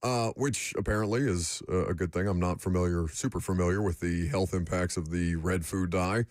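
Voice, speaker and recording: A young adult man hosting a casual sports radio show, joking and rambling with quick asides. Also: deep voice, steady tone, darkish tone, dry recording, studio quality. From United States. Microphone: studio microphone.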